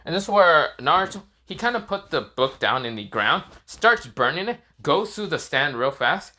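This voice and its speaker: A man narrating an improvised fan-fiction tale on the fly. He rambles with fillers and slips, his bright voice swinging widely in pitch. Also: sing-song, moderate pace. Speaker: storyteller.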